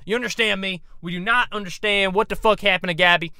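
A man's voice: high voice, fairly even intonation, fast, sharp tone, no room sound, clean studio sound, heavily acted. A man doing a parody impression of a profane, hot-headed bounty hunter who rants and swears. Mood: ranting. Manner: gruff, swearing, bullying rants. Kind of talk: parody voice acting.

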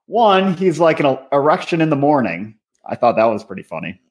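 A man's voice: on the high side, big pitch swings, fairly quick. A man co-hosting a podcast in casual chat, laid-back, often laughing and hedging his points. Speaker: podcast co-host.

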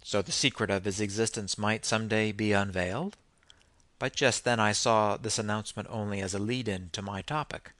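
A man narrating a novel in the first person in a measured, even storytelling manner. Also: lowish voice, no room sound. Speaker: audiobook narrator.

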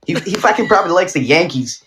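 A man's voice: high-pitched, expressive, quick pace, over a noisy crowd. A man trading crude, mock-aggressive trash talk with a friend while streaming.

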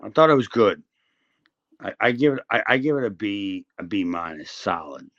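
A man's voice: lowish voice, lively intonation, normal speed, fairly bright tone, dull audio. A man co-hosting a podcast in casual chat, telling a rambling story full of restarts and swearing. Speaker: podcast co-host.

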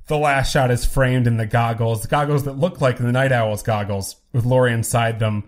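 A man's voice: mid-range voice, fairly even intonation, normal speed. A young man co-hosting a podcast, recapping a TV episode in casual chat, musing and trailing off mid-sentence. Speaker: podcast co-host.

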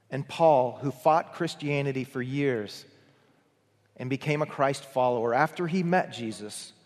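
A man preaching a morning sermon, earnest in tone, who builds up to emphatic peaks and then drops to a near hush. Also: medium pitch, big-room sound. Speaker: pastor.

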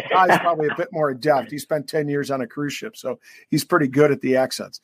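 A man's voice: a little high, fairly quick, a bit bright, slightly rough, no room sound, studio quality. A man co-hosting a rugby podcast, chatting casually and rambling with fillers. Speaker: podcast co-host. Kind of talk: casual interview banter.

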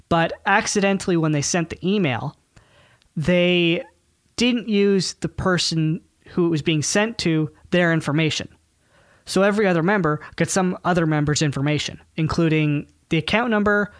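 A man's voice: on the high side, dry recording, studio quality. A man co-hosting a casual sports podcast, joking, rambling and poking fun at himself. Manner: joking, self-mocking and rambling. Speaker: podcast co-host. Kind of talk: casual chat.

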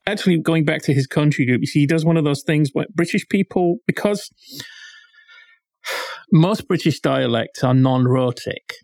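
A man's voice: on the high side, moderate pace, vocal fry, darkish tone, dry recording. Dry-sounding man explaining things. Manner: explanatory, pedantic about word meanings. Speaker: podcast co-host. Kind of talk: casual chat.

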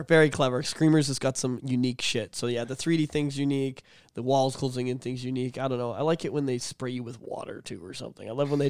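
A man's voice: medium pitch, dry recording, clean studio sound. Loose, swearing guy in his thirties. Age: 30s. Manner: rambling, swears freely, laughs often. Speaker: podcast co-host. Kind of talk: casual chat.

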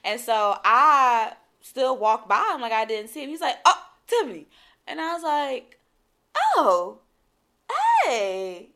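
A woman's voice: on the high side, moderate pace, sharp tone, smooth. A young woman co-hosting a casual podcast, telling a story and acting out both sides of the conversation. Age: young adult. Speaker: podcast co-host.

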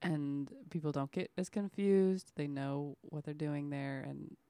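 Casting: woman from Oklahoma, gravelly voice, blunt and profane, close dry mic. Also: low voice, steady tone, measured pace, warm tone, no room sound. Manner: blunt, swears casually. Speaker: barista guest. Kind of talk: casual chat.

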